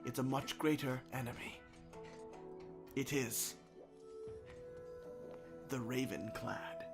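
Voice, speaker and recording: A man's voice: mid-range voice, slow, music in the background. A man voicing a withered, rude old king in a game playthrough, who rambles and laughs at his own remarks. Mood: secretive. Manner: rambling, crude, keeps laughing at himself.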